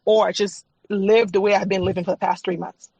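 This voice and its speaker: A woman's voice: medium pitch, little pitch movement, a little fast, a little mellow, husky, no room sound. Fervent woman giving her faith testimony. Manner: emphatic and repetitive, testifying with fervor. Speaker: podcast guest, faith and trauma coach. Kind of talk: emotional personal testimony in a podcast interview.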